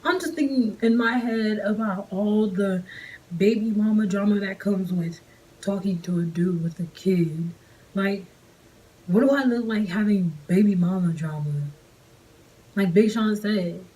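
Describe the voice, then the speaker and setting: A woman telling a personal story casually for a vlog, in an animated, slangy way, her pitch jumping up on quoted lines. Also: a little slow, low-quality recording.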